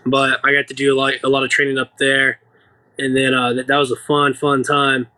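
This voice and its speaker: Give me a bright-voiced young American man telling a story. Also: mid-range voice, moderate pace. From United States. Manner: animated, profane, acts out quoted voices. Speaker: guest fighter. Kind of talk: casual interview storytelling.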